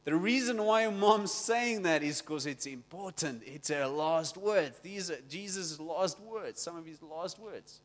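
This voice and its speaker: A man preaching a sermon as pastor, energetic and story-driven, with frequent restarts. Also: a little high, measured pace, few pauses, in a large hall.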